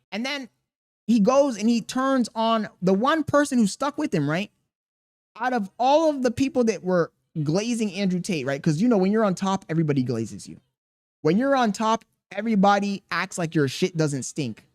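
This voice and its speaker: Animated man streaming reaction commentary. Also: high-pitched, no room sound. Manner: animated, laughing, exclaims often. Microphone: streaming studio mic.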